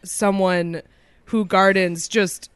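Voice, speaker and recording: A woman's voice: medium pitch, fairly even intonation, slow, clean tone, no room sound, clean studio sound. A woman co-hosting a comedy podcast in casual chat. She laughs often and teases the others. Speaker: podcast co-host.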